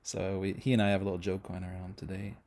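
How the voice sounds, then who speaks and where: A man's voice: sits low, little pitch movement, quick pace, darkish tone. A middle-aged Canadian man hosting a casual music-channel livestream, chatting with viewers and rambling through their comments with lots of fillers and restarts.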